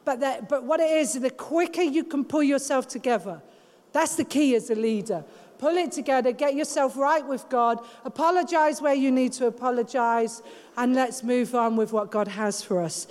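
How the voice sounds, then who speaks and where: A woman preaching a sermon to a women's gathering in an emphatic, exhorting, animated way. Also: high voice, moderate pace. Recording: long hall reverb.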